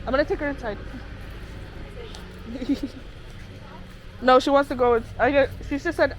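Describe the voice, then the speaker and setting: A woman on a family trip, chatting casually and gently coaxing a small child outdoors. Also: high voice, animated, moderate pace, long pauses, low-quality recording. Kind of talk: casual chat.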